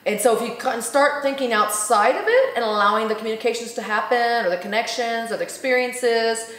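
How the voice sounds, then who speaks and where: Animated woman host in an echoey room. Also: fairly high pitch, a little fast. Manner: animated, laughs often, quotes others in voices. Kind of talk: casual spiritual talk.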